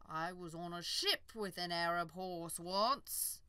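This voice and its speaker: A woman reading an audiobook, voicing a quiet, matter-of-fact old man from a village. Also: on the low side, takes it slowly, clean tone, no room sound.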